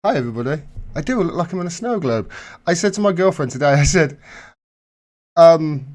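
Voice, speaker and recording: A man's voice: fairly high pitch, big pitch swings, fast. A man hosting a casual live stream, chatting in a rambling way and correcting himself as he goes.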